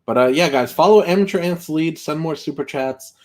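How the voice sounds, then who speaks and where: A man's voice: a little high, a little fast. A man hosting a live stream, reading viewer messages aloud and reacting with mock outrage and laughter. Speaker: streamer reacting to a recorded show. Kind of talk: casual live-stream commentary, reading super chats.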